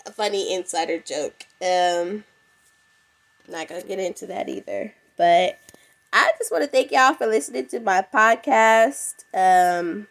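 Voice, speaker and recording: A young woman talks through her solo podcast in a loose, chatty way, calling her listeners "y'all." Her voice sounds congested and a bit stuffy. Her pitch sits in the middle range. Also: measured pace, gravelly. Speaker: podcast host. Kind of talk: casual solo podcast talk. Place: at home.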